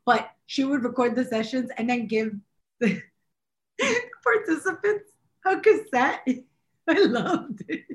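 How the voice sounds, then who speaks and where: Woman podcast co-host, casual chat, animated, laughing, fairly high voice. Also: takes it slowly, long pauses. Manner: animated, laughing, rambling with fillers.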